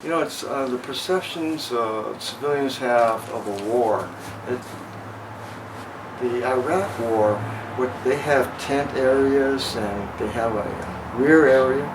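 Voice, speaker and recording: A man in his sixties from Los Angeles, telling his story frankly in an oral history interview at his home. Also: medium pitch. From Los Angeles, USA. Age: 60s. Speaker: veteran interviewee. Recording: distant mic with air conditioner hum. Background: air conditioning hum.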